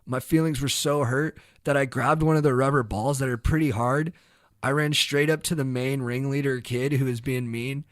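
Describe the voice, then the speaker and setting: Mężczyzna opowiadający anegdotę, bardzo suchy dźwięk. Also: male voice, medium pitch, moderate pace, no echo, studio quality. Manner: animated, bursts into shouted reenactments. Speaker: podcast co-host. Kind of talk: casual storytelling.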